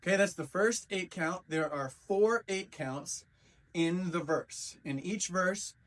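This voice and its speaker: A man's voice: high-pitched, slow pace, a bit bright. A man teaching a dance routine step by step, counting out beats and calling sounds as he demonstrates. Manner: counts and sings out beats while demonstrating moves. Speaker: dance instructor. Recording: voice from a distance from the mic.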